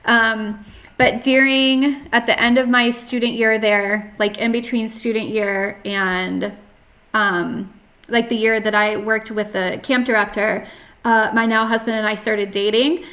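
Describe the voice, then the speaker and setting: Brief: young woman guest, rambly, restarting talk, slightly high voice. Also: steady tone, unhurried, fairly bright tone. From North Carolina. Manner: chatty, many fillers and restarts, frequent "like". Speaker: podcast guest. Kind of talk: casual interview, personal story.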